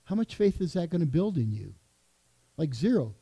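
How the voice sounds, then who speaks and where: A man's voice: a little high, big pitch swings, moderate pace, creaky, dark tone, slightly rough. A middle-aged man, a church elder, preaching a sermon in a conversational way with asides.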